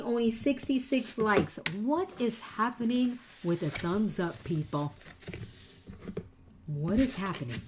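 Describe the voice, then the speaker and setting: A woman's voice: on the high side, a little hiss or hum. A woman hosting a live craft tutorial, chatty and teasing, repeating each step to her viewers. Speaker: papercraft tutorial host.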